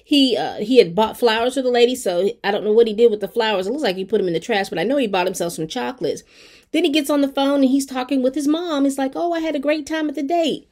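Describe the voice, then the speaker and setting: Recapping a TV episode in a casual way, this woman reviewer speaks straight to her audience with a fairly high pitch and a quick pace. She tells it expressively and colloquially, using lots of fillers.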